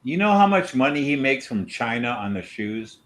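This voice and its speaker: Male podcast host, opinionated rambler, chewing gum, casual talk, middle pitch. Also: sing-song, moderate pace. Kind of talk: casual banter.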